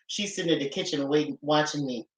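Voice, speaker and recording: Her low voice comes quickly through poor audio on a laptop live stream. Drifting from her kitchen into the living room, she chats with her viewers, calls them y'all, and swears freely as she tells a casual story.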